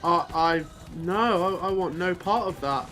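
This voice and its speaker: A man's voice: sits high, normal speed, a bit bright, soft background music. A man co-hosting a gaming channel, chatting casually over gameplay with hesitant restarts, fillers and frequent laughs. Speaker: co-host.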